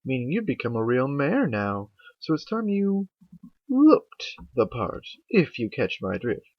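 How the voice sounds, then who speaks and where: A man voicing an elegant, refined female unicorn fashionista in a fan-read pony story, with sweet, coaxing, drawn-out lines. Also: medium pitch, wildly swooping pitch, no echo, voice pushed up. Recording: dull lo-fi home mic.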